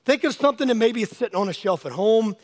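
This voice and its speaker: High-voiced male pastor preaching, a bit hoarse. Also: lively intonation, fast. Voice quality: slightly hoarse. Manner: conversational preaching, speaking to congregants by name. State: losing his voice. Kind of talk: sermon. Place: church sanctuary.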